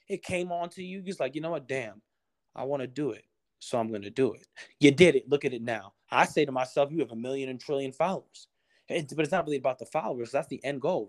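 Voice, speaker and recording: A man's voice: fairly high pitch, fast. A man talking as a podcast guest, passionate and preacher-like, acting out the voices he quotes. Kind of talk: casual motivational conversation.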